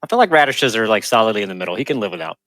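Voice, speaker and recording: A man's voice: on the low side, very animated, rapid-fire, a bit bright, dry recording. A man playing in a tabletop game, casual with a dry, joking manner. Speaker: player.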